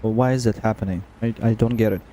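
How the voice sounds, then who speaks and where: A young man with a Russian accent, a streamer talking casually to a voice assistant in English while gaming, halting and searching for words. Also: on the low side, steady tone, mellow.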